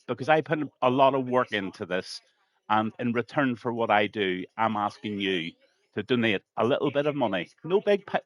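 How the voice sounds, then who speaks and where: Earnest man, slightly low voice. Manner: earnest, repeats words for emphasis. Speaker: racing league commentator and streamer. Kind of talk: live stream chat.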